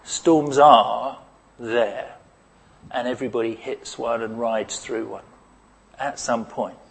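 A man preaching a sermon, moving from loud cries to hushed asides. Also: mid-range voice, steady tone, slow pace, gravelly, slightly rough. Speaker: pastor.

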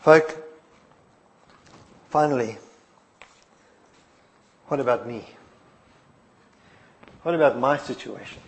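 A man preaching a sermon, telling the stories expressively, dropping soft and quiet and then rising to emphatic lines. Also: mid-range voice, takes it slowly, long pauses.

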